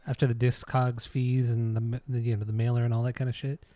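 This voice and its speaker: Joking man, mellow dry voice. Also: mid-range voice, little pitch movement, fast, dry recording. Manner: teasing, joking banter. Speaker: podcast co-host. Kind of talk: casual chat.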